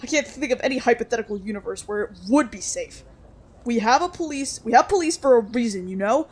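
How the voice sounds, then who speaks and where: A woman's voice: a little high, expressive, fast talker, a little mellow, breathy edge. A woman voicing a cautious young woman who pleads anxiously with her friends, read aloud from a game. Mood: worried.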